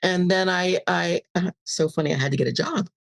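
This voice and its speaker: A woman's voice: on the low side, fairly quick, gravelly. An older woman, a podcast guest, telling a personal story in a casual interview and acting out the dialogue animatedly.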